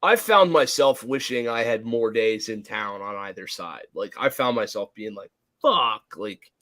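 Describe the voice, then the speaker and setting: With a low-leaning voice and a measured pace, a man co-hosting a podcast rambles through a story in casual talk. He's a profane, animated storyteller, swearing freely and acting out each person he quotes.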